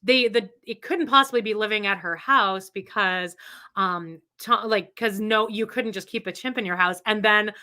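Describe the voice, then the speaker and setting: A woman co-hosting a podcast with a bright, clear tone. She talks casually, in rambling sentences that often restart. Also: medium pitch, moderate pace. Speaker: podcast co-host. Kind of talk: casual chat.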